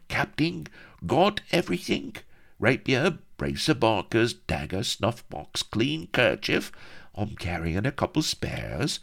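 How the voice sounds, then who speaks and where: A man's voice: mid-range voice, gravelly, fairly bright tone, voice pushed up, heavily acted. A man voicing a cheeky, eager little sidekick who chatters in chirpy modern slang.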